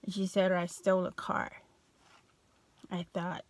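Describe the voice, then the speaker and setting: A woman's voice: lowish voice, dry recording. A young adult woman telling a personal story in a casual vlog, loose and full of fillers and restarts. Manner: slow, even, flat delivery. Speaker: vlogger.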